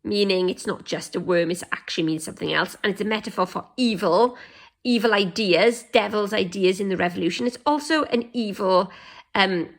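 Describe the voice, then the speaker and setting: A woman's voice: mid-range voice, a little fast. A woman teacher, giving a recorded lesson on essay writing in a chatty way, thinking aloud and often restarting her sentences. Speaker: English teacher.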